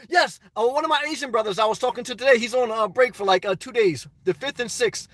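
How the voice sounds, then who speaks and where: A man's voice: very high voice, fast, hardly any pauses, a bit bright, dry recording. A middle-aged man chatting casually on a live stream from his parked car, reading out viewers' messages and calling them brother.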